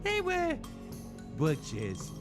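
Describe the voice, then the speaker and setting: Man doing a lisping, grinning game innkeeper, sly and slow, pitch swinging high. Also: wildly swooping pitch, over music, heavily acted. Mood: creepy cheerful. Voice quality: lisp. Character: creepy smiling male butcher innkeeper with a lisp.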